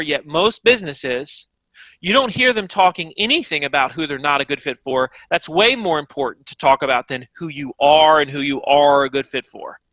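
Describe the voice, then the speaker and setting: A man, an author being interviewed, answering with animated, emphatic energy and speaking straight to the audience. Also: high-pitched, no room sound. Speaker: author and guest.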